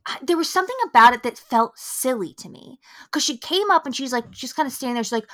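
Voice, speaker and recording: Female podcast co-host, bright tone, animated casual chat, salty language. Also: high voice, quick pace. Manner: animated, swears freely, acts out quotes.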